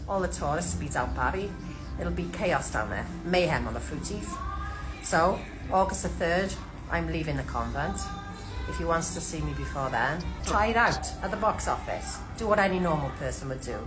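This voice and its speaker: A woman acting out a brash Welsh holiday-camp worker, cheeky and deadpan, in a low, heavy voice. Loud music runs underneath her lines. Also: normal speed, poor audio.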